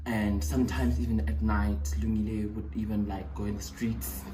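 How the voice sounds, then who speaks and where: A man's voice: fairly low pitch, flat delivery, normal speed, dark tone, slight background noise. A man with a South African accent giving a mock-serious appeal that keeps breaking into laughter. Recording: roomy, distant phone recording.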